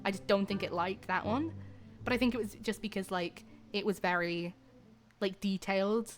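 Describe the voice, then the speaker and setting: A young woman streams herself narrating a romance game, reading the lines at an even pace before breaking into excited gushing. Faint music plays beneath her voice. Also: medium pitch, moderate pace.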